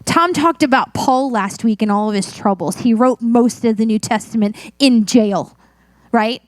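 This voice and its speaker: Chatty high-voiced woman preaching. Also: moderate pace, dry recording. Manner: chatty, self-mocking storytelling with laughs. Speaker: pastor. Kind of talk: sermon.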